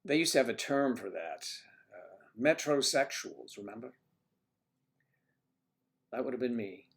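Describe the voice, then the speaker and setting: A man's voice: medium pitch, gravelly. Older man chatting wryly on a livestream. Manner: chatty, wry, self-mocking. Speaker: livestream host. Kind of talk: casual chat with live viewers. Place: home in Florida.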